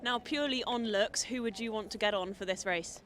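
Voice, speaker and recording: A woman reporter asking clear, bright questions in an outdoor parade ring. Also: mid-range voice, fairly quick, slight background noise. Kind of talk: interview.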